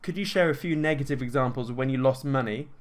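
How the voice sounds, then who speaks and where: A man talking casually and at length in an energetic, self-assured way, full of fillers and restarts. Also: mid-range voice, fast talker. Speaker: host answering viewer questions. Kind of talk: casual monologue.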